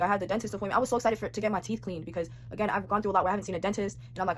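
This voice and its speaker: A young woman tells a personal story straight to her audience in a casual vlog. She talks extremely fast, in streetwise slang, and keeps acting out what she was thinking. Her voice sits at an ordinary middle pitch. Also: a little hiss or hum. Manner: rapid, animated, slangy retelling with quoted inner thoughts. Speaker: vlogger telling a personal story.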